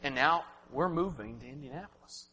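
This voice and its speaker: Bright-voiced man preaching in a big hall. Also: on the high side, brisk. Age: 30s. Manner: emotional, swings from loud to hushed. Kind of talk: sermon. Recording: reverberant hall, faint hum.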